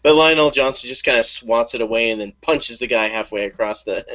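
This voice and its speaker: A man's voice: medium pitch, brisk, fairly bright tone, lo-fi sound. A man co-hosting a casual webcast, enthusiastically retelling a story and acting out the quotes.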